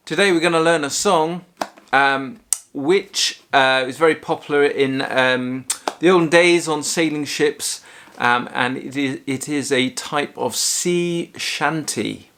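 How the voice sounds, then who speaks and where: A man's voice: on the high side, takes it slowly, fairly bright tone. A male music teacher giving a friendly, casual lesson, explaining as he goes with frequent ums and small restarts.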